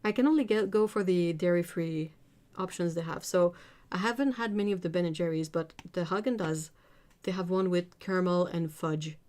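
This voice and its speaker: A woman's voice: lowish voice, brisk, hardly any pauses, darkish tone. A woman from Britain hosting a casual art livestream, reading viewer comments aloud, chatting and laughing often. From United Kingdom.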